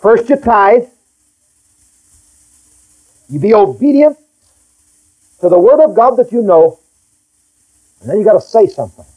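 A man's voice: high-pitched, big pitch swings, measured pace, pauses often, mellow, low-quality recording. A middle-aged male pastor preaching a folksy, emphatic sermon and reading scripture aloud.

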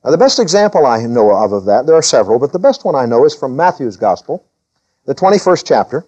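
A man preaching a sermon as a pastor, reading scripture in a lifted voice and dropping low to explain it. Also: very animated, fast, a little mellow, lo-fi sound.

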